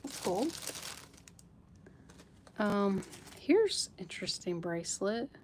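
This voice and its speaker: A woman's voice: mid-range voice, big pitch swings, slow pace, a little mellow, a little hiss or hum. A woman hosting a live jewelry sale stream, chatting casually with viewers by name and laughing often. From United States.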